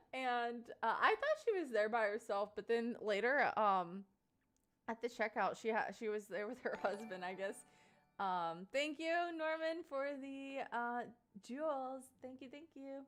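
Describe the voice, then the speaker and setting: A live streamer, a young woman with a slightly high voice, tells her chat a story at a measured pace. The telling is casual and lively, full of laughs and fillers like "like" and "um."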